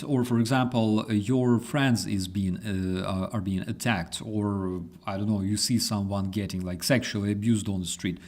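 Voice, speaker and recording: A man's voice: lowish voice, fairly even intonation, normal speed, hardly any pauses, darkish tone. A man hosting a live news commentary, ranting and swearing, with many fillers. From Ukraine. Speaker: host.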